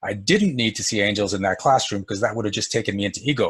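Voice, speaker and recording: A man's voice: fairly low pitch, fast talker, slightly rough. A man teaching an energy work session in a casual, storytelling way, chuckling often.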